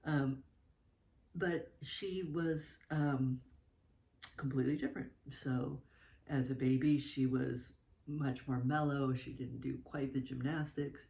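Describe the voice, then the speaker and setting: A mother telling animated stories about her children in a casual interview, laughing often. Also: rumbling low, takes it slowly, vocal fry. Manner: animated, laughing, with fillers and asides. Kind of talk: casual spoken storytelling.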